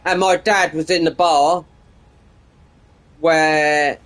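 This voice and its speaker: Rambling fifty-something man, slightly high. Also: fairly even intonation, slow, fairly bright tone. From United Kingdom. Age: 50s. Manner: meandering, digressive, frequent restarts. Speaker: game streamer. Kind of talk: casual rambling chat while gaming.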